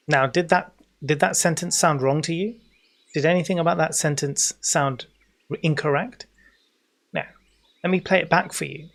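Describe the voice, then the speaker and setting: A man in his forties with an English accent, chatting casually while livestreaming a game, rambling on and breaking into excited greetings for viewers. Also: on the high side, moderate pace, creaky, long pauses. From England. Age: 40s. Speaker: game streamer.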